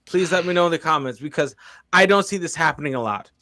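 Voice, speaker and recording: A man's voice: a little high, fast, pushed and bright. A man hosting a reaction video, talking in an amused, rambling way and addressing viewers. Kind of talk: casual reaction commentary.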